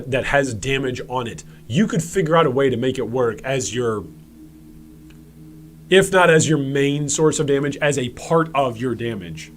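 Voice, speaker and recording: An American man on a live stream, talking through game patch notes at a middle pitch. He rambles and loops back on his words as he builds a point, turning often to speak to his chat. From United States. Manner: rambling, repeats words as he restarts thoughts; talks directly to his chat.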